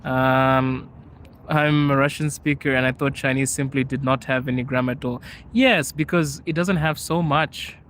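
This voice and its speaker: A man's voice: medium pitch, steady tone, normal speed, a bit bright, slight background noise. A young man from Zimbabwe hosting a live chat, answering viewers casually, laughing often and switching languages. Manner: laughs often, switches between English, Chinese and Russian. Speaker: podcast host.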